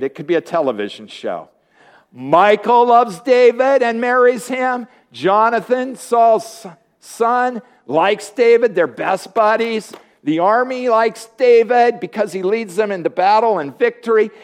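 A man's voice: sits high, expressive, measured pace. A man preaching a sermon, retelling a Bible story playfully and joking with his congregation.

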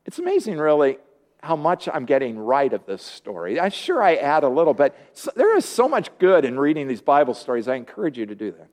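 A man's voice: on the high side, huge pitch swings, a little fast, darkish tone. A man preaching a sermon, retelling a Bible story playfully and joking with his congregation.

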